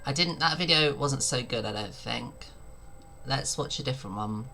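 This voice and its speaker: A woman's voice: very deep voice, normal speed, gravelly, pushed and bright, faint music behind. A woman streaming her reactions to videos, mocking and sarcastic, swearing and laughing often.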